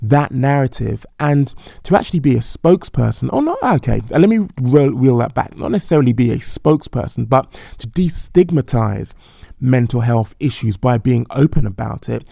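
Gravelly, measured man weighing his words. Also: mid-range voice, animated, mellow, dry recording, studio quality. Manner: thoughtful, hedging, corrects himself. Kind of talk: measured opinion commentary.

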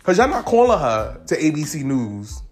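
A man giving casual celebrity gossip commentary, animated and profane, leaping up in pitch for emphasis. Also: normal speed. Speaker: commentary vlogger.

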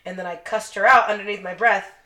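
A woman's voice: mid-range voice, steady tone, fast, pushed and bright. A young woman co-hosting a podcast, telling a blunt, profanity-heavy story in casual chat. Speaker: podcast co-host. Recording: roomy echo.

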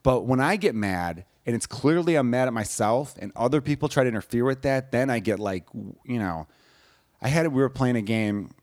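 Fast-talking man telling rambling stories. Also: medium pitch, lively intonation, darkish tone, dry recording, studio quality. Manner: rambling, self-mocking storyteller. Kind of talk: casual chat.

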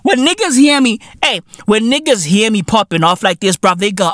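A man in his thirties hosts a podcast and rants in a loud, profane comedic style. His voice sits high and sounds bright and sharp. The recording is close-miked and dry. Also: normal speed, hardly any pauses, no echo. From South Africa. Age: 30s. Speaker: podcast host.

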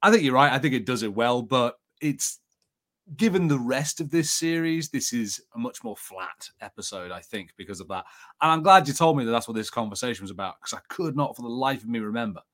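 A podcast co-host with a medium-pitched, animated and fairly bright voice talks a little fast as he reviews a TV episode. He's easygoing, tells stories and laughs often.

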